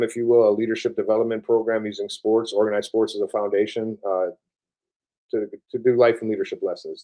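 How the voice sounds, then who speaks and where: A military veteran in his forties speaks with a Buffalo accent softened by years in the South. His voice sits low and sounds warm and mellow. He rambles casually, full of "like" and restarts, with the odd swear word. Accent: Buffalo mixed with Southern US. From upstate New York. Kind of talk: casual interview conversation.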